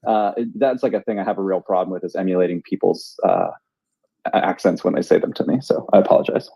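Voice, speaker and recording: A man's voice: low voice, fast talker, vocal fry, mellow, husky, dry recording. A man co-hosting a casual podcast chat, rambling with fillers and restarts. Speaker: podcast co-host.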